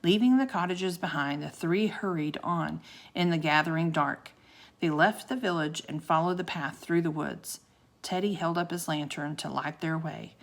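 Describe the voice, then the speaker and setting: A woman reading a children's chapter book aloud in an expressive storytelling manner. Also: low-pitched, moderate pace.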